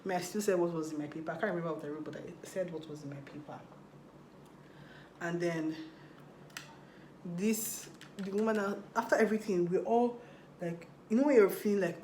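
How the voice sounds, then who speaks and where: A young woman telling a storytime vlog while doing her makeup, chatty and animated, acting out what people said. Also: fairly low pitch, fairly quick, echoey room, slight background noise. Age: young adult. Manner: chatty, animated retelling with acted quotes. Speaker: vlogger.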